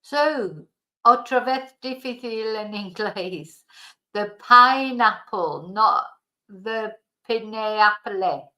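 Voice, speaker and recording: A woman teaching fruit vocabulary in a bilingual lesson, slowly and carefully repeating each word for pronunciation. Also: a little high, bright, forceful tone, poor audio. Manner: slow, careful pronunciation drills. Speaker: language teacher.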